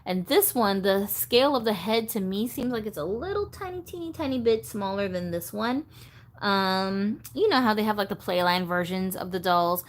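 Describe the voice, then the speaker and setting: A woman's voice: medium pitch, expressive, moderate pace. A woman hosting a casual doll-collector livestream, chatting in a rambling, easygoing way and reading viewer comments aloud.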